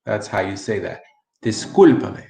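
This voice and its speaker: A man teaching a Spanish lesson, speaking slowly and enunciating clearly, repeating phrases over and over. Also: lowish voice, reverberant, a little hiss or hum. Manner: slow, deliberate enunciation with many repetitions. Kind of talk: online language lesson.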